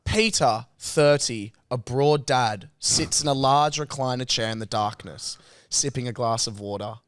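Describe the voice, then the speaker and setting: A man co-hosting a comedy podcast, briskly organizing a bit and reading stage directions aloud in a deadpan manner. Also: medium pitch, clear, resonant tone, dry recording.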